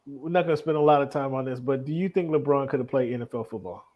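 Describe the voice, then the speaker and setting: A man co-hosting a casual sports talk show, telling stories with frequent laughter and lively asides. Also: mid-range voice, fast talker, highs cut off. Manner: animated storyteller, laughs often. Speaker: podcast co-host.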